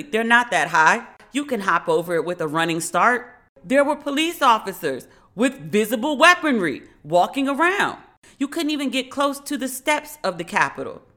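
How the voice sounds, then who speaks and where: A woman in her thirties hosting a podcast, telling a story in a casual, animated and profane way. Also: a little high. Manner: animated, profane, emphatic retelling. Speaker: podcast host.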